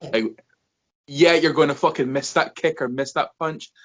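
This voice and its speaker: A man's voice: on the high side, moderate pace. A man hosting a casual wrestling chat, rambling and swearing as he talks. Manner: profane, rambling, animated. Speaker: wrestling podcast host. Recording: dull lo-fi sound.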